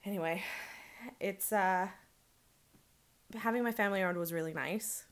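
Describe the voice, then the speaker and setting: Pregnant woman podcast co-host, casual chat, blunt and sweary, animated delivery. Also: mid-range voice, moderate pace.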